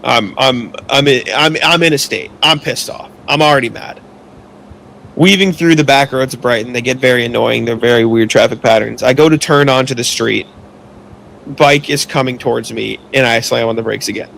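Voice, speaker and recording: A man's voice: medium pitch, a little fast, vocal fry, fairly bright tone, a little hiss or hum. A young man co-hosting a podcast, telling a long story in a rambling, casual way with lots of "like" and some swearing. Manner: rambling, heavy use of filler "like", swears when annoyed. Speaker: podcast co-host.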